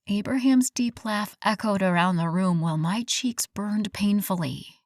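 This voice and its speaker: Brief: female audiobook narrator, mid-pitch, dry studio sound, expressive first-person read. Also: unhurried, no room sound.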